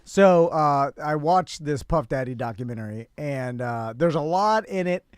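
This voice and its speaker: A man's voice: fairly high pitch, animated, a little slow, clean tone, dry recording, studio quality. A middle-aged man co-hosting a casual podcast, rambling with restarts and laughing a lot. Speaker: podcast co-host. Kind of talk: casual livestream chat.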